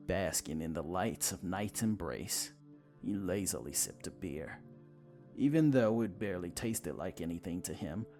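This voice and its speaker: A man narrating a vampire story in a dramatic, expressive manner. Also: low-pitched.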